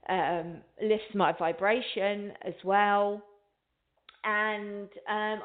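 A woman hosting a spiritual talk show, chatting in a rambling way and speaking straight to her listeners. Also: mid-range voice. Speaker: radio show host. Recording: tinny phone line.

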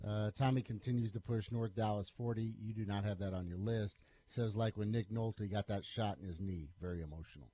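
A man's voice: on the low side, fairly quick, few pauses, dark tone, slight background noise. A man co-hosting a sports radio show, dropping in short, dry prompts and suggestions. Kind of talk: casual sports talk.

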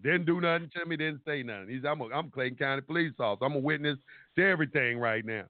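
On a tinny, dry phone line, a man calls in to a radio talk show with a quick, fairly high voice and no room sound. He energetically tells a long story, acting out each person's lines and swearing casually.

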